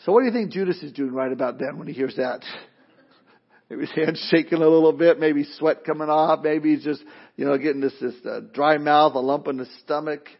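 Animated high-voiced man preaching a sermon. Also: a little fast, lo-fi sound. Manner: animated, conversational preaching with asides and playful mock voices. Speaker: pastor.

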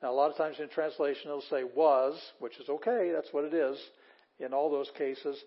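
A man's voice: on the high side, steady tone. Older guy teaching a class, patient, lots of ums, kinda dull lo-fi audio. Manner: plain, patient explaining with fillers and restarts, reading words slowly aloud. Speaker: Bible Greek teacher. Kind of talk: classroom lecture. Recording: dull, lo-fi lecture recording.

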